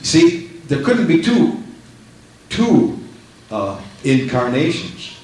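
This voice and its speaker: A man's voice: on the high side, very animated, slow pace, pauses often, a little mellow, a little hiss or hum. A man preaching a sermon with fervent emphasis, repeating phrases and reading scripture aloud. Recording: echoey room.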